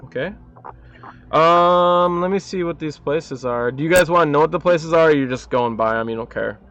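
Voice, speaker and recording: A man narrating as game master for a tabletop game in a relaxed, filler-heavy way. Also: a little high, normal speed. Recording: slightly muffled home mic with faint music.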